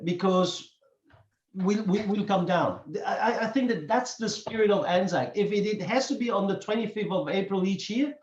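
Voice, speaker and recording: Earnest high-voiced man, echoey sound. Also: a little mellow. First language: not English. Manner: earnest, halting with repeated words. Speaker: podcast host. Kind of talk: casual chat. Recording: echoey, dull room sound.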